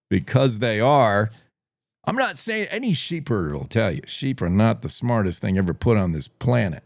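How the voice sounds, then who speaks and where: A man's voice: lowish voice, sing-song, moderate pace, vocal fry, no echo, clean studio sound. A man hosting a morning radio show, rambling and joking as he tells a story. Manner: jokey, rambling, plays a wolf in first person. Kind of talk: casual talk radio monologue.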